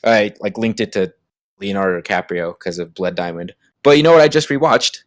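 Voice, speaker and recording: A man's voice: on the low side, animated, fairly quick, no room sound. A man co-hosting a casual podcast, rambling along with lots of fillers and restarts. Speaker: podcast co-host. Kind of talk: casual chat.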